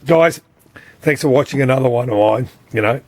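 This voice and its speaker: A man's voice: medium pitch, a little fast, darkish tone, no room sound. Rambling repairman, dry sound. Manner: rambling and repetitive, often says "you know what I mean"; blunt and swears freely. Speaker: repair technician. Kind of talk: casual repair explainer.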